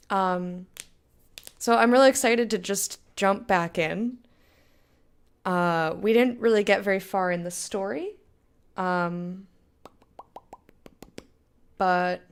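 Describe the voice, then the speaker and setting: A young woman chatting casually with her stream viewers while gaming, rambling, laughing often and going off on tangents. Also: mid-range voice. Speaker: game streamer.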